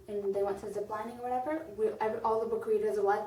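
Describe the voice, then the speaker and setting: A woman's voice: medium pitch, little pitch movement, quick pace, warm tone, far from the mic. A woman reviewing a movie in a casual vlog, gushing and rambling with lots of "like". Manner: gushing, rambling, heavy use of "like". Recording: roomy echo, off-mic, faint noise.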